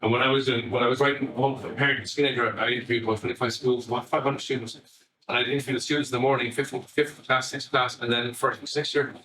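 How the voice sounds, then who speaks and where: A man's voice: medium pitch, steady tone, fast, sharp tone. A middle-aged Irish man, a family psychotherapist, giving a chatty talk to parents full of anecdotes, asides and restarts. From Ireland. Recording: echoey room, far from the mic.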